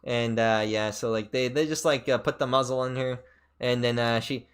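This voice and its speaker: A young male VTuber chats casually on stream, rambling through a story full of fillers and restarts. His voice is smooth and steady at a normal speed, yet the pitch leaps sharply up and down mid-story.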